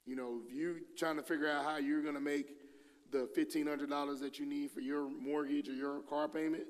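A man's voice: on the high side, flat delivery, fairly quick. Man preaching casually in a reverberant church. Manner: conversational, acts out quoted voices with slang. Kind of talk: sermon. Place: church hall.

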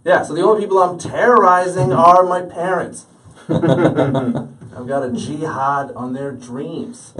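A man's voice: mid-range voice, fairly bright tone. A man in his late thirties working through a stand-up set with punchy, self-mocking delivery. His voice sits in an ordinary middle range and is caught from a distant microphone, so it sounds set back. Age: 30s. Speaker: stand-up comedian. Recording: stage audio from a distant mic.

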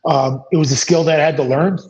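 A man's voice: on the high side, fast. A man, a former pro hockey player, telling a long anecdote as a guest, loose and rambling, full of ums and restarts. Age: 30s. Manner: rambling, relaxed anecdotes with many fillers. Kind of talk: casual storytelling interview. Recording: slightly dull lo-fi sound.

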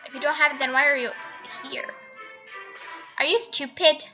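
A woman giving casual, excitable commentary while playing a game, gasping and laughing at her own mistakes. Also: high voice, normal speed, over music, poor audio. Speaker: gaming channel host.

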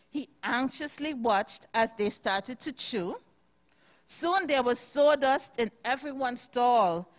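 A woman reading a rhyming picture book aloud to children at a church service, in a slow sing-song manner, pausing to ask them questions. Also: on the high side.

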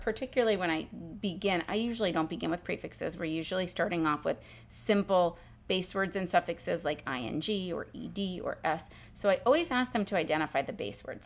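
A woman teacher calmly explaining a spelling exercise step by step, sounding out letters and sounds as she goes. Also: fairly low pitch. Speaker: literacy teacher. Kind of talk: instructional demonstration.

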